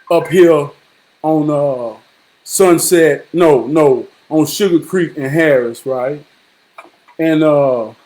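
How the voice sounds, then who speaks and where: A man's voice: a little high, darkish tone. A man casually telling a story to his viewers in a rambling, repetitive and profane way, slipping into preachy advice. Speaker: vlogger.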